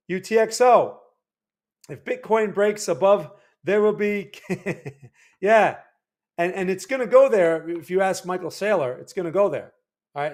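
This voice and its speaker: A man's voice: high-pitched, expressive, moderate pace, a little mellow. A man hosting a livestream, casually talking through market charts and checking in with viewers. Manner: loose, conversational, keeps checking in with viewers. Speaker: livestream market analyst host.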